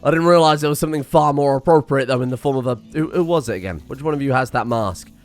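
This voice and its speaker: Guy streaming a game, rambles and swears, laughs at himself, quiet music under it. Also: medium pitch, fast. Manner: excitable, self-mocking, swears, muses aloud. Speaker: gaming streamer. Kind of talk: casual gameplay commentary.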